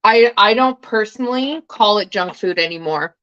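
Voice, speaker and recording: A woman talks casually on a livestream and drops swear words without a second thought. Her pitch sits in an ordinary middle range. The sound is dull and a little lo-fi. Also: moderate pace, fairly bright tone. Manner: chatty, eats while talking, swears casually. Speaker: tarot livestream host.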